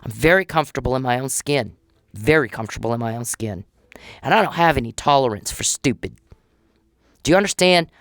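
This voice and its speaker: Woman, low voice, dry close sound, ranting blunt and profane at an official. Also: no room sound. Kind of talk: angry monologue addressed to an official.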